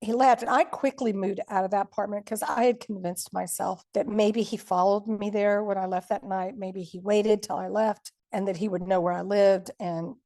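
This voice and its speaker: A woman's voice: medium pitch, steady tone, normal speed, few pauses, warm tone. A woman, a podcast guest, vividly retelling a frightening personal story and acting out the quotes.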